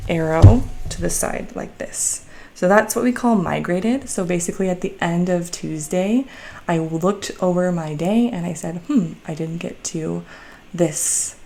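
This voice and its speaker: A woman's voice: fairly low pitch, gravelly, dark tone, slight background noise. A young adult woman, chatty and upbeat, walking viewers through her journal in a casual how-to vlog with lots of likes and ums. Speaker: bullet journal creator.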